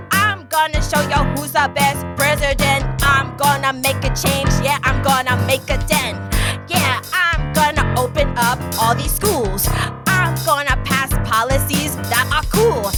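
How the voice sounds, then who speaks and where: Woman as a loud-mouthed male candidate, put-on New York voice, high and brash. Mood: boastful. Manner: brash, boastful, half-sung. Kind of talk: improvised musical comedy. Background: loud live piano and drums.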